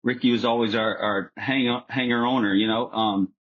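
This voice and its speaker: A man with a husky, slightly breathy voice tells stories as a podcast guest. He rambles, stops and restarts his sentences, and fills gaps with ums. The recording sounds a little dull and lo-fi. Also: mid-range voice, steady tone, normal speed. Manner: rambling, with frequent restarts and fillers. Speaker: guest golfer. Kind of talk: casual storytelling chat.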